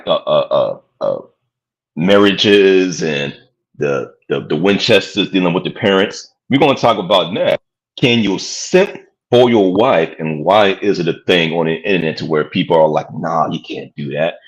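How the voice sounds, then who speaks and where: A man hosting a podcast in casual chat, laid-back and quick to laugh, leading the talk into new topics. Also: deep voice, expressive, low-quality recording. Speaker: podcast host.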